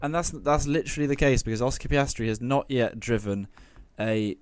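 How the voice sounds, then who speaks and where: A man's voice: medium pitch, fairly quick, smooth, no room sound. Podcast guy, casual, lots of ums, dry close sound. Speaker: podcast co-host. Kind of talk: casual chat.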